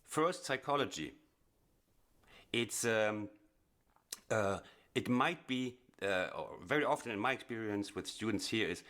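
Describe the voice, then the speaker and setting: A man teaching blues piano in a chatty, explanatory way, often pausing with fillers and restarting phrases. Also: on the low side, animated, fairly bright tone. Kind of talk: casual instructional explanation. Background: piano playing.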